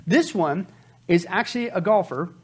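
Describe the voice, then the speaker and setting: A male pastor preaching a sermon, urging listeners with pleading questions and sudden loud outbursts. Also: high voice, animated, normal speed, breathy edge.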